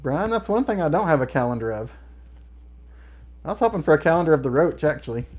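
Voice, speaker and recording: A man's voice: on the high side, very animated, fast talker, slightly rough, dull audio. A middle-aged man hosting a livestream, chatting casually and laughing often as he reads viewer comments. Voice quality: laughs often between remarks. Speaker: livestream host.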